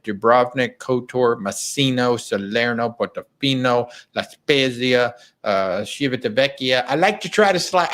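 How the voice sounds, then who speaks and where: Man, middle-aged, live show host, rambling casual chat, mid-pitched voice. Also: fairly bright tone. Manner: chatty, rambling with restarts. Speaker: travel agent show host.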